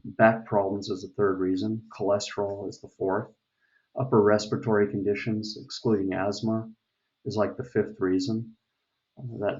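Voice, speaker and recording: A man's voice: on the low side, a little mellow. A middle-aged man from the United States giving a casual opinion monologue, rambling with many fillers and restarts. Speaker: vlogger. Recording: dull lo-fi recording.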